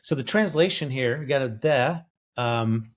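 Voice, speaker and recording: A man's voice: mid-range voice, measured pace. A man co-hosting a podcast, working through a Bible verse and thinking aloud with many fillers and grammar terms. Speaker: co-host biblical scholar. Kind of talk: explaining a Bible passage verse by verse.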